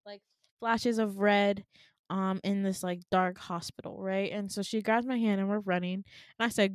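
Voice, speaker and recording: A woman podcast co-host casually retelling a dream, animated, laughing often and full of fillers. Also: medium pitch, unhurried, clear, resonant tone, no echo, studio quality.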